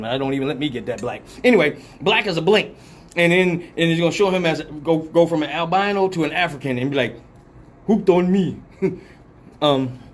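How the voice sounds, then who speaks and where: A man hosting a live comedic talk show, telling rambling, profane stories in an animated way. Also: on the high side.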